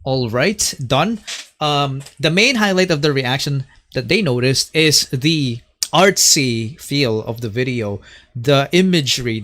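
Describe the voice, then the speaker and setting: A man's voice: mid-range voice, fairly bright tone. A man hosting a late-night reaction livestream, chatting casually and mixing in Tagalog words. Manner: chatty, mixes in Tagalog phrases.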